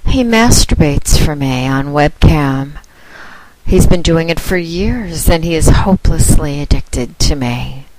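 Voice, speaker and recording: A woman's voice: low voice, animated, measured pace, a little mellow, slight background noise, low-quality recording. A woman acting as a dominatrix, delivering a commanding, taunting monologue straight to a listener.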